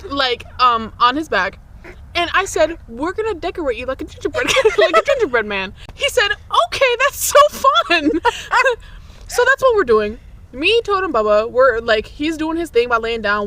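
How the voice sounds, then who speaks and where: A young woman telling childhood stories in a casual, laughing podcast chat. Her voice is fairly high and swings up and down a lot, and she curses freely as the stories pour out. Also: very animated, fairly quick, fairly bright tone. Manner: laughs often, swears freely. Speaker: podcast host.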